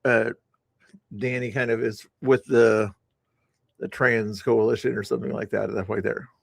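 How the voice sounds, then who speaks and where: A man's voice: mid-range voice, steady tone, moderate pace, creaky, no room sound. A man reviewing his own stream, talking casually in a rambling way, repeating words and restarting sentences, with sarcastic asides. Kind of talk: casual commentary over stream playback.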